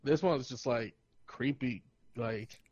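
A man co-hosting a podcast in casual chat, animated and laughing often, breaking into loud put-on voices. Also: medium pitch, takes it slowly, husky, highs cut off. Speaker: podcast co-host.

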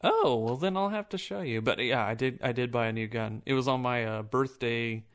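A man's voice: medium pitch, normal speed. A man co-hosting a podcast in loose, profane casual chat, laughing often. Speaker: podcast co-host.

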